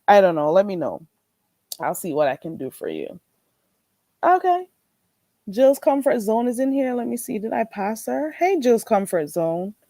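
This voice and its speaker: A woman hosting a casual livestream, greeting viewers in a playful, animated way and laughing often. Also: medium pitch, moderate pace, pauses often, no echo. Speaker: livestream host.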